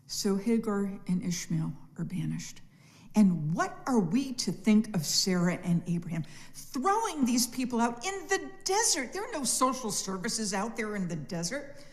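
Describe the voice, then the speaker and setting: A middle-aged woman teaching a church adult education class, telling the story in a lively way with wry asides. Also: mid-range voice, unhurried.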